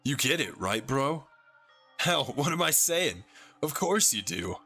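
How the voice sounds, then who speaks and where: A man's voice: medium pitch, very animated, a little slow, sharp tone, faint music behind, full character voice. A man doing a swaggering young gang leader. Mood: taunting. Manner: brash, condescending.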